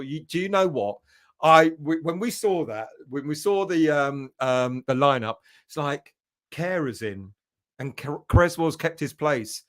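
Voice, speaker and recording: A man's voice: fairly high pitch, unhurried, fairly bright tone. A man hosting a football fan livestream, rambling and chatty as he greets viewers by name. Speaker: fan channel host. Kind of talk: casual livestream chat.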